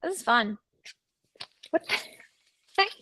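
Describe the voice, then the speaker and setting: Hosting a relaxed studio livestream, a woman chats and teases with viewers and crew, laughing a lot. Her high voice is very animated yet slow, with a noisy background behind it.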